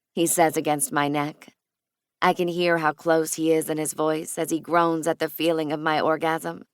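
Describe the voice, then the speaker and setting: A woman narrating a romance audiobook in the first person, with even, close storytelling on a studio mic. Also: low-pitched, clear, resonant tone, dry recording.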